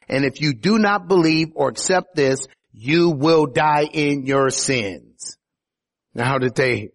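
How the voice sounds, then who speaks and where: A man's voice: on the high side, breathy edge. A man preaching a sermon as pastor, building to emphatic peaks on key phrases.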